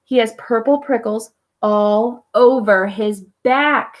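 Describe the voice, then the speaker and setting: Slow gentle children's storyteller woman. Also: a little high. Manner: gentle, encouraging, asks listeners questions. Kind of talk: reading a picture book aloud to children.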